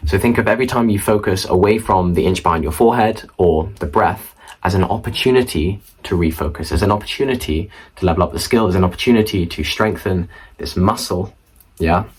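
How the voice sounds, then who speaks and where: This student vlogger sits low in pitch with a breathy edge, chatting to the camera from a room in his home as he explains study tips and throws in casual asides. The camera mic pointed at the viewer produces a low-quality recording.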